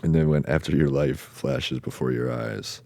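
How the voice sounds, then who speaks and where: A man hosting a podcast, telling a personal story in a halting way, with many pauses and fillers, casual swearing, and sentences that trail off quietly. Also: very deep voice, animated, vocal fry, no echo. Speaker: podcast host.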